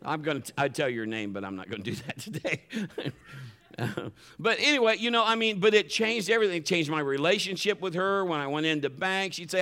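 A man's voice: a little high, animated, fairly quick, sharp tone, clean tone. A pastor preaching a sermon in a conversational way, acting out the voices he quotes.

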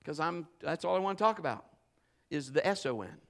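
A man preaching and telling a personal story, animated, swinging from shouts to hushed storytelling. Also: on the high side, brisk, creaky. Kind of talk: sermon with personal testimony.

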